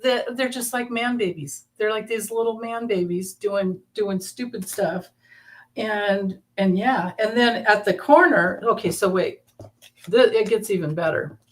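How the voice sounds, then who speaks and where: A woman hosting a live tarot reading, talking in a rambling, halting way as she explains the cards in a casual chat. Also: mid-range voice. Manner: rambling, halting, with frequent restarts and laughter. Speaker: tarot reader, channel host.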